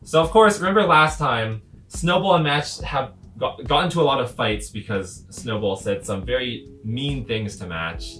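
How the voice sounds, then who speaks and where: A man's voice: mid-range voice, normal speed. A man casually commenting on his own comics, chatty with lots of fillers. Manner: chatty, lively, frequent laughs and fillers.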